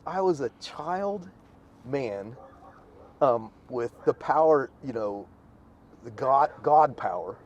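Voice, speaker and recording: A man, a former Marine, talking as a guest in a casual interview, halting and stammering as he speaks. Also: mid-range voice, animated. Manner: halting, stammering, restarts often.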